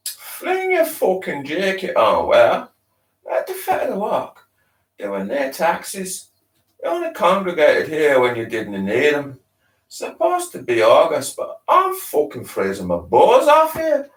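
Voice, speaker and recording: A desperate young man in withdrawal, breathless and snarling through every curse, as a male reader puts him on. His voice sits high and leaps all over the place. It sounds distant from the mic in an echoey room. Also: huge pitch swings, a little slow. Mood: ranting. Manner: snarling, breathless, swearing constantly. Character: agitated foul-mouthed young man in withdrawal.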